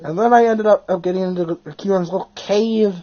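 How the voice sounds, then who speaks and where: A video host telling stories in an excitable casual chat, swearing often. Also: mid-range voice, a little fast, highs cut off. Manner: animated, excitable storytelling with frequent swearing.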